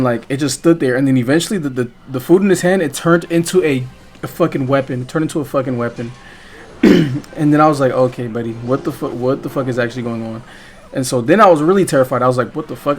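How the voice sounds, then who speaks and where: A young man telling a story casually while playing a game, rambling and swearing, full of fillers and restarts. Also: on the high side. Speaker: gaming vlogger.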